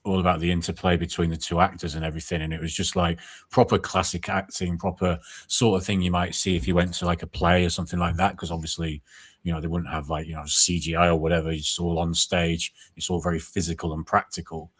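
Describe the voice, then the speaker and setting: A man co-hosting a casual podcast chat, talking in a relaxed, rambling way with lots of "like" and "you know". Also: low voice, fast talker, slightly rough. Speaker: podcast co-host.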